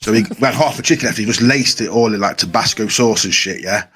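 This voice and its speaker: Man, husky and animated, telling rowdy stories on a casual podcast. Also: lowish voice, quick pace. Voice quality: husky, swears a lot, animated storytelling. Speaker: podcast co-host. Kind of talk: casual storytelling chat.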